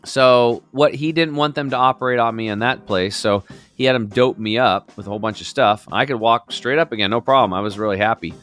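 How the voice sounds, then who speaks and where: A man in his fifties, a podcast guest, telling his story in a lively, outgoing way with plenty of fillers. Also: mid-range voice, fairly quick, faint music behind. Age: 50s. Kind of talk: casual storytelling.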